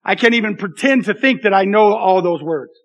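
A man's voice: high voice, a little fast, muffled recording. A man in his thirties, a pastor giving a conversational, self-deprecating sermon with frequent asides to the congregation.

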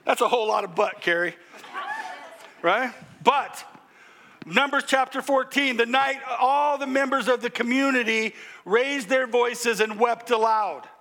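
In a very high, slightly slow voice, an older male pastor gives a lively, joking sermon. He addresses the congregation directly and at times erupts into loud exclamations.

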